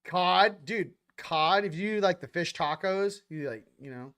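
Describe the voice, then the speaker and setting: A man's voice: sits high, a little slow, fairly bright tone. Slangy, rambling young man. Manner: loose, slangy, rambling with quoted asides. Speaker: spiritual channel host. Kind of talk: casual livestream monologue.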